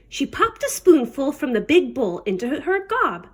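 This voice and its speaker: A woman librarian reads a children's picture book aloud in a high, animated voice. She leans into playful pirate talk, and her pitch rises and falls widely with the story. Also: a little slow, hardly any pauses.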